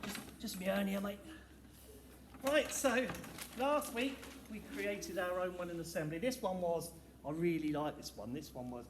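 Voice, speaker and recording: Male teacher, high voice, upbeat and encouraging, echoey hall with audible background noise. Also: normal speed, distant mic. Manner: upbeat, encouraging, talks to children. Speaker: primary school teacher. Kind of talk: leading a school music assembly. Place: school hall, indoors.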